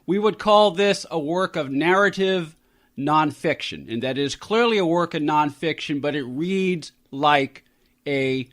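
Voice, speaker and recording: A male radio host leads an interview in a conversational, affirming way. His voice sits notably high for a man. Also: lively intonation, a little slow, a bit bright.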